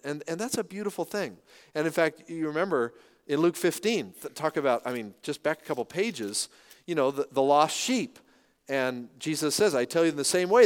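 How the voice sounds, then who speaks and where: A middle-aged man delivers a sermon with an animated, conversational manner, often poking fun at himself. His voice sits fairly high and sounds smooth and clear. The recording carries a long reverberant tail from a large church hall. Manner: animated, conversational, self-deprecating humor. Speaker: pastor.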